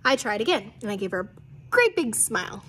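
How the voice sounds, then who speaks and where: A woman's voice: mid-range voice, very animated, brisk, a bit bright, slightly rough. A woman teacher reading a children's novel aloud to her class, playful and laughing at her own slips in casual asides.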